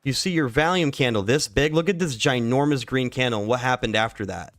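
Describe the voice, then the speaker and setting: A man's voice: medium pitch, brisk, a bit bright, no room sound, soft background music. Laid-back, swearing man in a dry room. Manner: loose, slangy and profane, says "dude" and "like" often. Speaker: livestream stock market host. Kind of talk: casual live trading chat.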